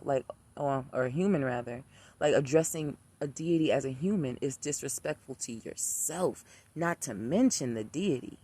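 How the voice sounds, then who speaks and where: Speaking to camera, a spiritual practitioner launches into a blunt, profane, casual rant about spirits. His husky male voice sits on the high side with a slightly mellow quality, and he repeats himself in rapid-fire bursts for emphasis.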